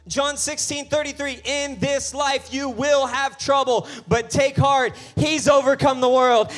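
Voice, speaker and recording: Pastor, male, very high voice, emphatic sermon delivery, faint music bed. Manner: builds from quiet storytelling to loud, emphatic preaching; acts out biblical voices in quoted lines.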